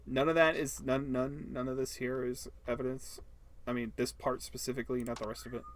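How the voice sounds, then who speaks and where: A man at an ordinary middle pitch, chatting casually and joking as he plays through a story game. He is quick to talk back to what happens on screen in a light, jokey way. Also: level tone. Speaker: gameplay host. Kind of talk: casual gameplay commentary.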